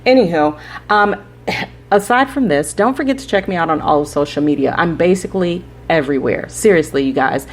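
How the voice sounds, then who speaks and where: Rambling spiritual podcast woman, low voice. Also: expressive, fairly quick. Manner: rambling, preachy, direct address with frequent "right?". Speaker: podcast host. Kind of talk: spiritual advice monologue.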